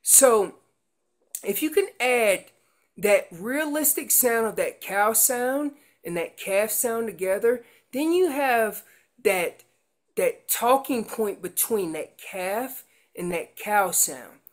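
A woman teaching elk calling in a seminar with slides. She explains with everyday comparisons and breaks into loud acted voices of calves and parents. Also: mid-range voice, animated, slow pace.

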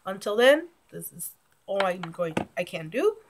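A woman's voice: medium pitch, sing-song, measured pace, background noise. A woman with a cold, nasal and a little short of breath, chatting casually to her channel's viewers. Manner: chatty, rambling, self-correcting. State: sick and nasal. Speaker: YouTube vlogger. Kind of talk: casual vlog intro to camera.

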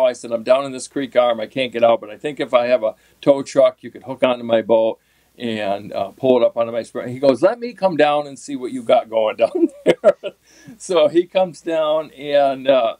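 A middle-aged man tells a long story in an easy, conversational way. He is animated and chuckles at his own misadventure. His voice sits at an ordinary pitch and sounds close and dry, with no room around it. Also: normal speed, dry recording. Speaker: podcast guest, tournament fishing pro. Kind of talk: casual storytelling.

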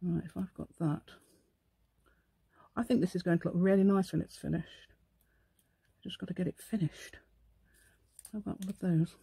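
A woman's voice: lowish voice, steady tone, moderate pace, vocal fry, long pauses, mellow, husky, dry recording. A woman hosting a casual crafting tutorial at her craft table at home, thinking aloud and asking the viewer questions as she works. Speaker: craft channel host.

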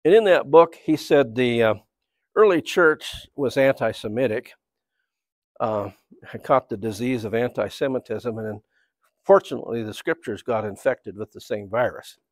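A man's voice: mid-range voice, normal speed, no echo. Rambling storytelling man at church. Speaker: church speaker. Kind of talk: anecdotal sermon talk.

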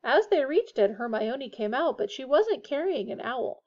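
A woman narrates a storybook aloud with a steady, expressive delivery. Her voice sits a little high, and the recording sounds dull and lo-fi. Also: normal speed. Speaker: audiobook reader.

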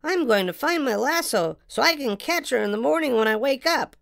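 A woman's voice: high-pitched, lively intonation, fairly quick, creaky, a bit bright, dry recording, studio quality, voice pushed up, full character voice. A woman voicing a boastful young boy who plays wizard and pirate, with a mock-grand, chanting delivery.

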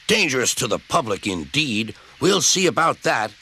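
A man voicing a pompous, stout male railway director who speaks briskly and with authority. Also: medium pitch, sing-song, bright, forceful tone, a little hiss or hum.

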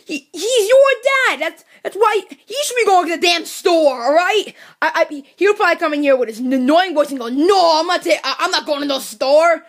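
A woman's voice: very high voice, lively intonation, normal speed, few pauses. A woman voicing a cranky, overworked mushroom servant who rants sarcastically, in a comedy puppet skit. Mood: exasperated. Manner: exasperated ranting, sarcastic.

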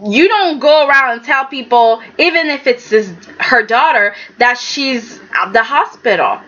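A woman's voice: high voice, a little slow, muffled recording. A woman chatting casually and sassily through a recap, acting out the characters' lines as she goes. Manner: animated, sassy, acts out characters' lines. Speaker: soap opera recap vlogger.

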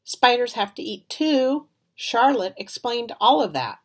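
A woman's voice: on the high side, sing-song, a little slow, slightly rough, voice pushed up, heavily acted. A woman reading aloud, voicing a bossy, know-it-all schoolgirl in a storybook.

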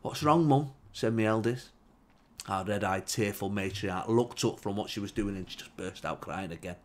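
Man, deadpan comic monologue, low voice, mock-solemn. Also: normal speed. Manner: dry, mock-solemn storytelling. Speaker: comedian.

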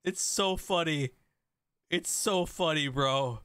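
A young man commentates his own online game stream, cracking up at other players and answering chat. His voice sits high and bright. It sounds close and dry, with no room around it. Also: slow pace, dry recording. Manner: excitable, laughing, reacting to chat.

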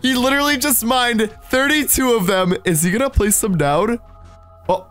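A young man hosting a gaming video, giving excited commentary, exclaiming and laughing often. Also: extremely high pitch, moderate pace, soft background music. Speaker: gaming channel host.

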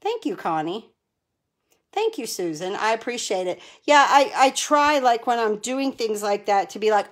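A woman's voice: on the high side, lively intonation, normal speed. A chatty middle-aged woman hosting a casual live stream from her home crafting corner. She laughs often and answers viewers by name.

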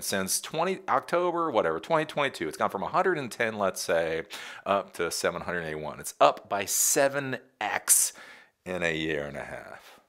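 A man hosting a casual commentary show, sarcastic and animated, laughing often. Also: fairly low pitch, gravelly. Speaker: tech commentary host.

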